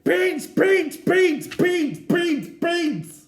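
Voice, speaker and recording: A man's voice: very high voice, sing-song, drawn-out words, vocal fry, echoey room, voice pushed up, exaggerated voice. A man voicing a screaming, demanding toddler boy who shrieks and chants his wants over and over. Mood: screaming tantrum.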